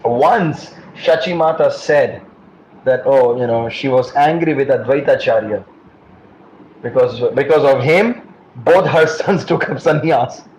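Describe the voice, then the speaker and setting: A man giving a devotional class, telling stories with lively acted-out voices. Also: medium pitch, a little slow, highs cut off. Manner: animated storytelling, acting out quoted voices. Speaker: class speaker. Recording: echoey room with faint noise.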